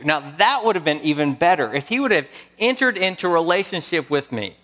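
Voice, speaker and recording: A man in his thirties preaching a sermon, earnest and storytelling, pausing before key words. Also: fairly high pitch, very animated, fairly bright tone. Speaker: pastor.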